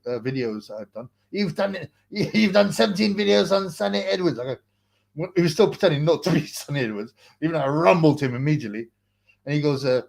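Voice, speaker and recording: A man's voice: mid-range voice, darkish tone. Slangy man hosting a livestream. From United Kingdom. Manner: rambling, slangy and mocking, reads viewer comments aloud. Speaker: livestream host. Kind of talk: casual livestream chat.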